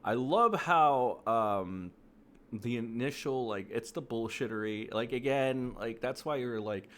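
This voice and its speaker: A man's voice: medium pitch, unhurried, fairly bright tone. A man ranting through casual commentary, profane and exasperated, full of fillers and mocking quotes. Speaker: commentary streamer.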